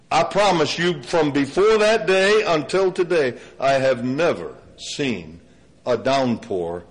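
Older male preacher, high voice, animated storyteller, sermon delivery. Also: rough recording. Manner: animated storytelling, pitch drops low for emphasis.

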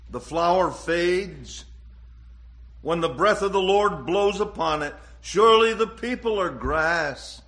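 A man preaching a sermon, slow and deliberate, with dramatic rises and drops in pitch and loudness. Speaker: pastor.

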